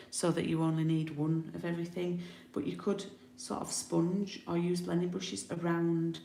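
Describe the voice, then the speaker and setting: Card-making demonstrator from the UK: a low, gravelly woman who chats and thinks aloud in a roomy room. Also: a little mellow, a little hiss or hum. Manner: chatty, thinks aloud while working. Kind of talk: live craft tutorial. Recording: roomy home recording.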